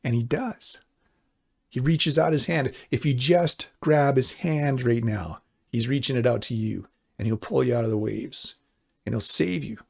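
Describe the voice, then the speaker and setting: A middle-aged male pastor with a gravelly, husky voice delivers a sermon. He speaks earnestly and conversationally, then slows into emphatic appeals. His pitch sits at an ordinary middle height.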